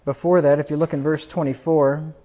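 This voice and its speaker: A man's voice: fairly high pitch, little pitch movement, brisk, warm tone, lo-fi sound. A man preaching a funeral sermon, reading scripture aloud with rising emphasis.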